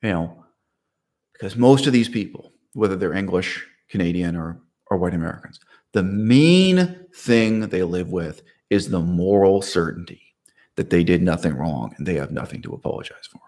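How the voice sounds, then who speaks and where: A man's voice: deep voice, animated, moderate pace, darkish tone. A man talking to camera in a casual, unscripted monologue, rambling with restarts and asides. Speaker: video essayist.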